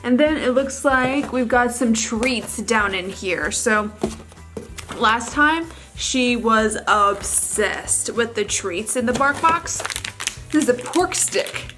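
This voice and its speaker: High-voiced young woman gushing over her dog. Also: lively intonation, slow, over music. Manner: chatty, gushing baby talk to her dog. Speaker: beauty vlogger. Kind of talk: casual unboxing vlog. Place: living room couch.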